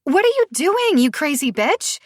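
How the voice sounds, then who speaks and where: A woman's voice: high-pitched, lively intonation, moderate pace, no echo, clean studio sound, voice pushed up. A woman narrator voicing a spiteful, sarcastic young woman in an audiobook thriller, mocking and cutting. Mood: hostile. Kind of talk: audiobook character voice.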